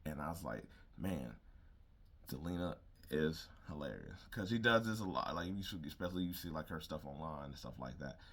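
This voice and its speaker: A man's voice: rumbling low, expressive, fast talker, gravelly, hardly any pauses, bright, forceful tone. A man giving a casual, rambling recap of a wrestling show, acting out lines from the people he describes. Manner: rambling, acts out quotes of wrestlers.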